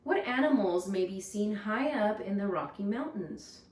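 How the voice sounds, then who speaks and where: A woman's voice: medium pitch, animated, normal speed, darkish tone, distant mic. A woman teaching first graders, reading a lesson aloud and patiently sounding out hard words. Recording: echoey room, voice off-mic.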